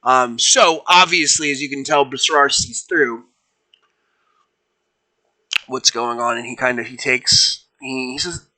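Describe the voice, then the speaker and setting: A young man narrates his fan fiction live from a home stream, trailing into fillers and self-corrections as he goes. His voice is strikingly bright and sits at an ordinary pitch. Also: a little slow, long pauses, rough recording. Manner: voices figures without putting on accents.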